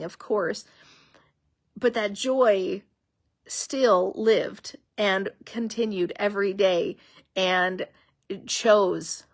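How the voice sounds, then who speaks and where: A woman's voice: on the high side, a bit bright. A middle-aged woman coaching preschool owners in a heartfelt, rambling motivational talk full of fillers.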